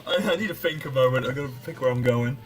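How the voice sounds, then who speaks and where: A man's voice: medium pitch, expressive, fast, faint music behind. A man playing a game on stream, chatting casually, laughing often and thinking aloud as he trails off. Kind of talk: casual chat.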